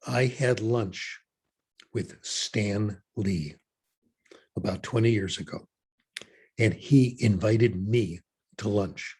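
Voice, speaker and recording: A man giving a keynote talk and answering audience questions in an opinionated, animated way with wry asides. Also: on the low side, slow, pauses often, husky. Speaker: keynote speaker.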